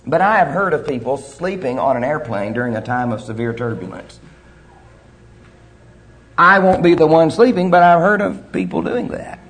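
A male preacher with a somewhat high voice that swings widely in pitch as he preaches. He tells his story earnestly, pausing now and then as he goes. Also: darkish tone. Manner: earnest storytelling delivery with measured pauses. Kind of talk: sermon.

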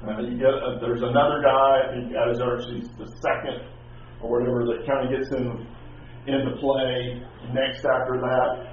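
Male teacher, informal rambling lecture, very echoey room, faint background noise. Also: medium pitch. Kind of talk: classroom lecture. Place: classroom. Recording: echoey, distant, tinny classroom recording.

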